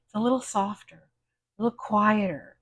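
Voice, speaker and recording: A woman coaching a guided self-help session, gentle and encouraging, often checking in with the listener and counting slowly through breathing exercises. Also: medium pitch, fairly even intonation, husky.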